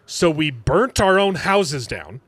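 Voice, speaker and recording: A man's voice: fairly high pitch, sing-song, slow pace, a bit bright, no room sound, exaggerated voice. A man mimicking a frightened villager who flusteredly explains why he burned his own house. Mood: scared.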